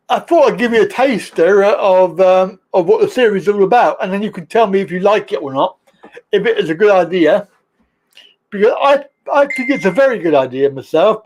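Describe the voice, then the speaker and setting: A man's voice: sits high, darkish tone. A man hosting a casual live stream, joking, chatty and laughing a lot. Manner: jokey, chatty, laughs often, slow drawl. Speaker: livestream host.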